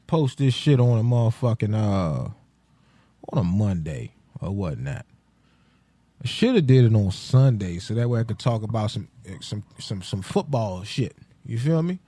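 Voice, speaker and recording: A man's voice: medium pitch, mellow, dry recording. A man hosting a solo podcast, ranting casually in profane street slang with loose, rambling restarts. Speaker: podcast host.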